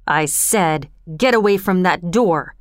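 A woman voicing a cold, ruthless adult male burglar who speaks in a low, slow, threatening way. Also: lively intonation, clean tone, no echo, studio quality, natural voice. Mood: menacing.

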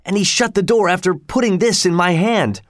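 A man's voice: high voice, moderate pace, no echo, clean studio sound, pitched above the performer's own voice, natural voice. A man playing a breathless, flustered acting manager. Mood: urgent. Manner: urgent, breathless.

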